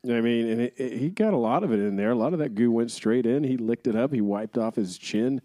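A man's voice: medium pitch, a little fast, mellow, no echo. A man co-hosting a movie podcast, talking in a dry, teasing, laid-back way. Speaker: podcast co-host. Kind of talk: casual movie podcast chat.

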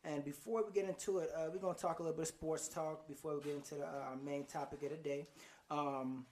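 A man from Chicago hosts a relaxed podcast chat with his friends, loose and chatty. His voice sits a little high. A light noise hums faintly in the background. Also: fast. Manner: laid-back, laughing, loose with fillers. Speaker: podcast host.

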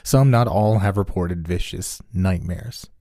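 A nasal, nervous young man, put on by a male horror narrator, rushing his words out. The voice sits low and warm, close and dry with no room around it. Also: no room sound. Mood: hurried. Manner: blurts words in a hurried rush. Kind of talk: horror story reading.

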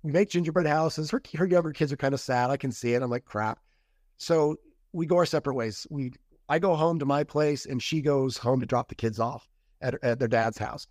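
A man's voice: mid-range voice, brisk, a little mellow, no echo, clean studio sound. A man telling the story of a past relationship in a casual interview, rambling, restarting and quoting what was said. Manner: rambling retelling with quoted dialogue and restarts. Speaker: podcast guest.

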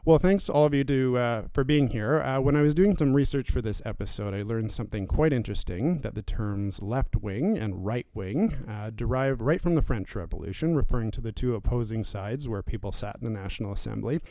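A man hosting a political podcast from a newsroom studio, introducing guests with lively, jokey asides. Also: mid-range voice, brisk, hardly any pauses, dry recording. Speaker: podcast host.

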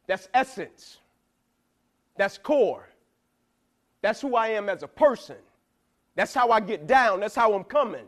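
Young male motivational speaker, higher-pitched voice, punchy and repetitive, slangy delivery, keeps checking in with "right?". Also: lively intonation, a little slow, pauses often, fairly bright tone. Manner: emphatic, repetitive, asks "right?" a lot, slangy. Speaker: motivational speaker to college football players. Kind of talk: motivational speech.

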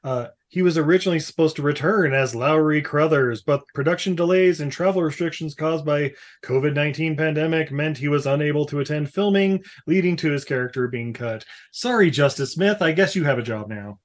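A man hosting a podcast, leading the chat in a casual, joking way with quick asides. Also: on the high side. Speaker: podcast host.

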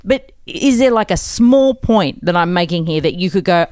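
A woman's voice: mid-range voice, lively intonation, normal speed, darkish tone, no echo, clean studio sound. A middle-aged woman hosting an interview, musing in a chatty way with hesitant restarts. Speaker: interview host. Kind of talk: conversational interview.

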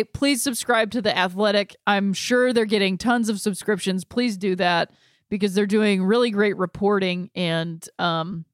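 A woman hosting a talk show, delivering a casual, impassioned rant with frequent fillers and self-interruptions, swinging between heated outbursts and quiet disgust. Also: medium pitch, dry recording, studio quality. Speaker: podcast host. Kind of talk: casual ranting monologue.

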